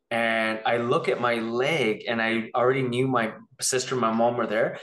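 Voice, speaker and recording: A man tells his own story to an interviewer in a rambling, animated way, acting out the voices of the people he quotes. His voice sits at an ordinary pitch. The room around him has a noticeable echo. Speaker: interview guest. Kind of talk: personal storytelling.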